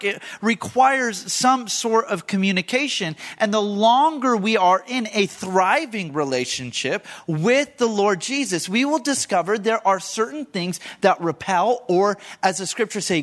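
A man's voice: high-pitched, fairly bright tone. A middle-aged man preaching a sermon as a pastor from a church stage, teaching and putting questions to the congregation.

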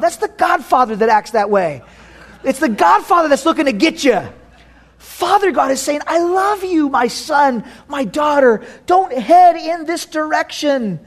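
A man's voice: very high voice, fairly bright tone. A man pastor preaching a sermon, reading scripture and joking, with sudden dramatic swings in his delivery.

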